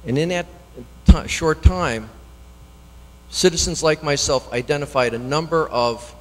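Man, local official at hearing: earnest, halting delivery with restarts, long hall reverb. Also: a little high. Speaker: elected official speaking at public hearing. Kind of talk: public comment. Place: town meeting hall.

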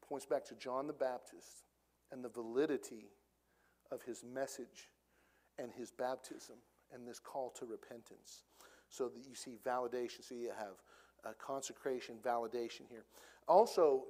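A man with an Oklahoma accent preaching a sermon in a church, acting out the people he quotes and dropping to a quiet, low voice for solemn points. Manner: animated preaching, acts out quoted speakers. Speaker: pastor. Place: church sanctuary.

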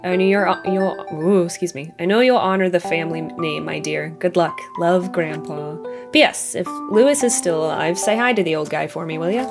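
A woman reading aloud the letter of a kindly old grandfather in a video game, gently and slowly. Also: fairly low pitch, vocal fry, over music, pitched below the performer's own voice. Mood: tender.

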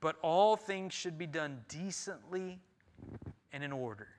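A man preaching a sermon as pastor, rising to loud emphatic passages and dropping to quiet, earnest talk. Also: fairly high pitch, measured pace, slight background noise. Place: church sanctuary.

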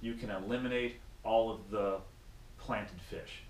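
Casual male angler, lively storyteller, roomy sound from a distance off the mic. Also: on the low side, measured pace. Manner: animated storyteller, acts out voices. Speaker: guest angler. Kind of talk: casual fishing chat. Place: in a car on the road. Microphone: action camera. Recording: echoey and distant, faint noise.

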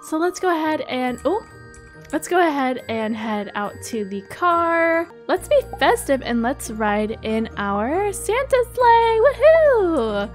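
A young woman giving bubbly, excitable role-play game commentary, gasping often. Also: sits high, measured pace, soft background music. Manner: bubbly and excitable, frequent gasps. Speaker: gaming YouTuber.

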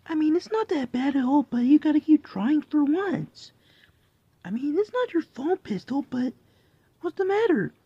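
A woman's voice: very high voice, dark tone, no echo, heavily acted. A woman voicing a goofy, rambling male cartoon cat who talks in a jumpy, silly way, heard on a dull lo-fi recording. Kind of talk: cartoon voice acting.

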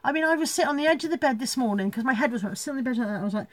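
A chatty woman rambles through a casual live stream from home, laughing often and reading out comments. Her voice sits a touch high. The sound is close and dry, with no room echo. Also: lively intonation, rapid-fire. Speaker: reseller hosting a live stream.

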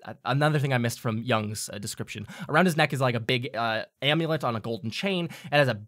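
A man's voice: mid-range voice, fast talker, fairly bright tone. A man narrating as game master, describing scenes with frequent hesitations.

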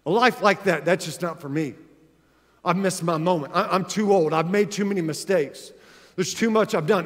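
A man's voice: on the high side, big-room sound. A man in his thirties preaching, telling stories in a conversational way and building to emphatic exhortation. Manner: earnest, conversational storytelling that rises to emphatic exhortation. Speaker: pastor. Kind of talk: sermon.

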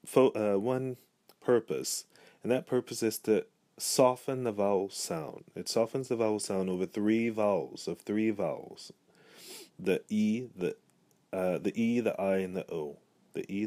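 A man teaching a pronunciation lesson, saying each letter and word slowly and repeating it twice. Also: fairly low pitch, a little mellow, dry recording, studio quality. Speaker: language teacher.

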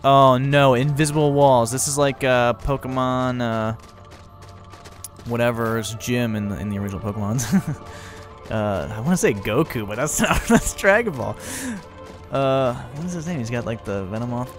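Excitable young man gaming. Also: medium pitch, normal speed, faint music behind. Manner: excitable, chatty, laughs often. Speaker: gaming video host. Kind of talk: casual let's-play commentary.

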